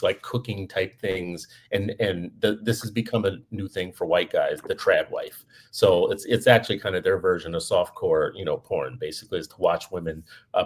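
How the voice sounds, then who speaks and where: A man's voice: sits low, slightly rough. A man co-hosting a podcast, telling a story in casual commentary and getting heated and emphatic as he goes. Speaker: podcast co-host.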